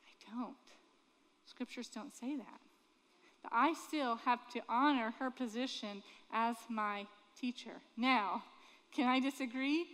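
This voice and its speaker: High-voiced woman preaching in a hall. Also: takes it slowly, fairly bright tone. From Florida. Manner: earnest, conversational preaching with rhetorical questions. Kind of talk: sermon. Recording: long reverb of a large hall.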